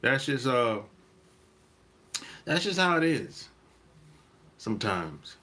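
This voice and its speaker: A man hosting a dating-advice channel, talking in a relaxed, rambling monologue, repeating his points and laughing often. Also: medium pitch, slow pace. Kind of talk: casual monologue.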